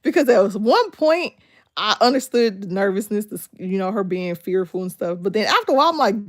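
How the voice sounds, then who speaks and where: A woman's voice: medium pitch, expressive, brisk. A woman, hosting a casual livestream chat, laughing often and talking back animatedly to her viewers. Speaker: livestream host. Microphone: phone.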